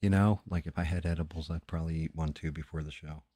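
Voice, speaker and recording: Deep-voiced, tired, profane male streamer. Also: steady tone, fast, mellow, dry recording. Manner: loose, profane, rambling. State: tired late at night. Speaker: livestream host. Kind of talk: casual late-night livestream chat.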